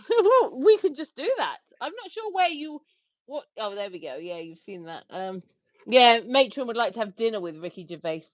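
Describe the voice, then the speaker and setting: A woman co-hosting a livestream, her voice pitched a bit high and swinging up and down as she giggles through viewer comments. The sound is dry and a little dull, like a close home microphone. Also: sing-song, moderate pace, no room sound. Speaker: livestream co-host. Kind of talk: casual livestream chat reading comments.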